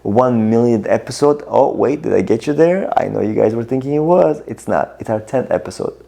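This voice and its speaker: A man's voice: medium pitch, animated, a little fast, vocal fry, dark tone. A man co-hosting a casual comedy podcast, bantering and teasing his co-host.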